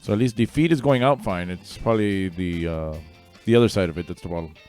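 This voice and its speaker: A man's voice: low-pitched, fast talker, darkish tone, smooth, faint music behind. A man casually hosting a livestream trivia game, reading answers and making rambling offhand asides. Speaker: trivia host.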